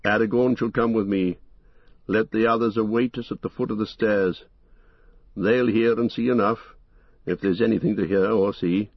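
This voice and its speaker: A man's voice: fairly low pitch, steady tone, normal speed, no room sound, muffled recording. A man voicing a stern, commanding old wizard in an audiobook reading. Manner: loud commanding calls.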